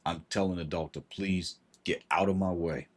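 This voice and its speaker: A man telling a personal story on a livestream, halting and repeating himself, with frustration in his voice. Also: deep voice, fairly even intonation. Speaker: vlogger.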